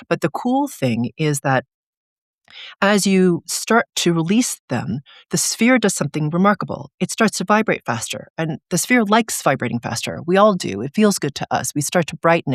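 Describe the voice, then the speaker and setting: An energy coach speaks as an interview guest, explaining and telling stories in a casual, lively way. The voice sits at a middle pitch and is often padded with "like". The sound is dry, with no room echo. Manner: animated storyteller, frequent "like" fillers.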